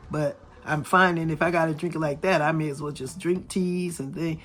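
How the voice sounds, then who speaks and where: A middle-aged woman vlogger chatting casually with her viewers, her voice still a little raspy and hoarse after a cold. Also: low-pitched, fairly even intonation, moderate pace, fairly bright tone. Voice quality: slightly raspy. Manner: chatty, talks straight to viewers. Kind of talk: casual chat. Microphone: camera filming from overhead.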